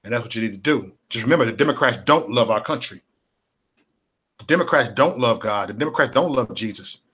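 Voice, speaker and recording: Man, livestream host, bright forceful voice, repetitive, rallying, preachy. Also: medium pitch, animated, brisk, breathy edge. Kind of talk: casual livestream rant.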